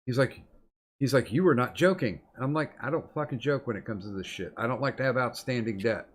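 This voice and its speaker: Brief: middle-aged male host, mid-pitched, profane, rambling anecdotes in loose banter. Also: brisk, breathy edge. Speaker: podcast host. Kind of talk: casual chat.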